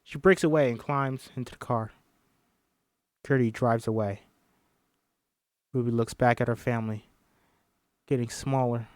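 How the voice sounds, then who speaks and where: A man's voice: mid-range voice, steady tone, a little slow, long pauses, no echo, studio quality. A man reading a film script aloud on a stream, emotional and swearing casually between lines. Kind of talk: script read-aloud with commentary.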